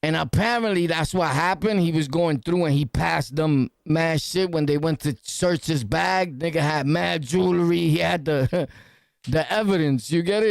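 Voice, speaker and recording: A man with a New York City accent talks loud and rough, swearing and laughing as he reacts to news clips on his podcast. His voice sits high and gravelly, recorded dry and close. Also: dry recording. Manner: loud, profane, laughing street talk. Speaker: podcast host.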